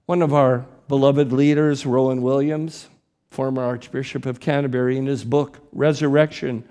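A man, a priest preaching a sermon in church, slow and deliberate with emphatic rises. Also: mid-range voice, little pitch movement, mellow.

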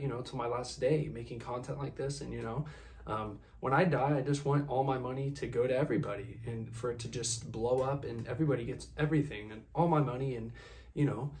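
A man playing a famous, generous young male video star on a comedy podcast. He talks in a laid-back, halting way with lots of fillers and pauses. His voice sits at an ordinary middle pitch. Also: a little mellow, natural voice. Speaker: podcast guest.

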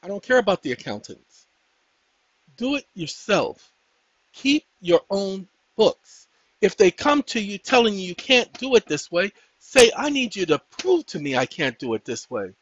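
Male host, high animated voice, folksy preacher-like delivery, dull dry lo-fi recording. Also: moderate pace, dry recording. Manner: folksy, preachy, addresses viewers as ladies and gentlemen; breaks off to talk to his dogs. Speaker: channel host. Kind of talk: casual screen-share tutorial.

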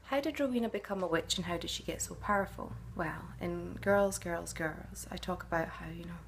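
A woman's voice: fairly low pitch, normal speed, creaky, slight background noise. A middle-aged woman, an actress answering fan questions in a casual, chatty way, musing and often hesitating.

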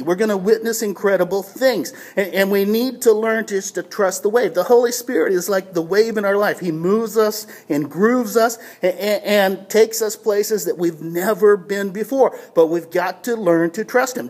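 Pastor type, high voice, casual anecdotal devotional, stumbling restarts, self-deprecating humor. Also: male voice, darkish tone. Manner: casual storytelling with repeated restarts. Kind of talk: short devotional talk.

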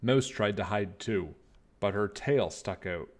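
A man reading a children's storybook aloud with animated, expressive narration. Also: fairly low pitch, measured pace. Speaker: children's book reader.

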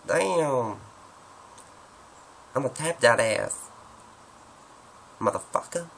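Brash American guy, put on by a man, loud swaggering exclamations, raised pitch. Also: lively intonation, very slow, gravelly, a little hiss or hum, exaggerated voice.

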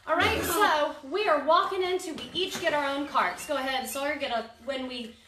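A woman's voice: sits high, normal speed. A middle-aged woman, a mother, talking casually as she leads her children through a home demonstration, bossy and playful. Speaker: mother running a home video show. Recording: echoey room, far from the mic, background noise.

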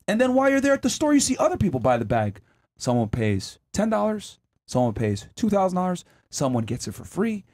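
A man hosting a podcast debate, telling animated, profane stories to make his point. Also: high-pitched, fairly quick. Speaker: podcast host. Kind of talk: casual debate.

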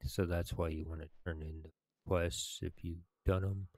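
Very deep, gravelly man reading quest text. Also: flat delivery, a little mellow, dry recording. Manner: unhurried, plain reading with small stumbles. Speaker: gamer reading quests aloud. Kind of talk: reading game text aloud while playing.

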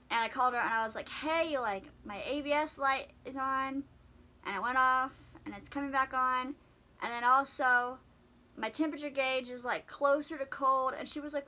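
A young woman vlogger chatting through a casual storytime, animated and full of fillers. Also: high voice, low-quality recording.

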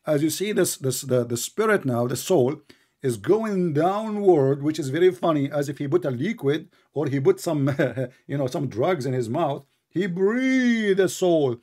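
A man pushes hard in a heated debate. His voice sits fairly high, and he mocks his opponent by stretching and repeating words. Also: expressive, a little slow, darkish tone. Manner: pressing, mocking, repeats words for effect. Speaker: debate host.

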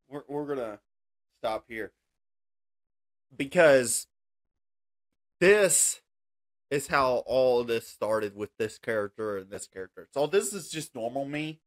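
A young man doing casual reaction commentary on his old videos, joking and mocking himself in loose, cussing talk. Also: medium pitch. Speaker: content creator.

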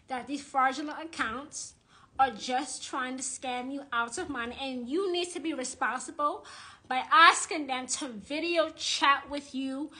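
Blunt, angry high-pitched woman ranting. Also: sharp tone. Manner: angry, blunt and repetitive, with cursing. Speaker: self-described high priestess and witch. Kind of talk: live-streamed rant to followers. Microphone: phone or camera on a live social stream.

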